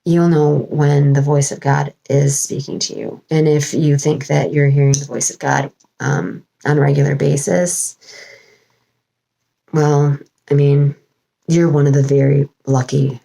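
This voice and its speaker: In a rambling home vlog, a woman speaks as a spiritual channeler, wandering through a casual monologue with many fillers and restarts. Her low, creaky, mellow voice keeps a level tone at a measured pace, though the audio is poor.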